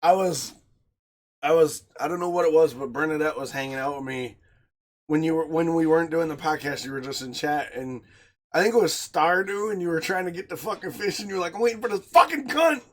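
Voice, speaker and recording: A man's voice: a little high, brisk. A man from the United States hosting a podcast, chatting casually, laughing often and swearing easily. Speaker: podcast host. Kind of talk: casual chat.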